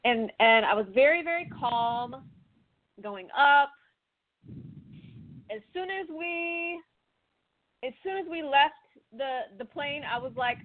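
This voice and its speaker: A woman hosting a talk show in casual chat, telling stories with animated acted-out reactions. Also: sits high, slow pace, long pauses, dry recording. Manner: animated storyteller, acts out her own panicked thoughts. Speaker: podcast host. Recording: dry phone-like line.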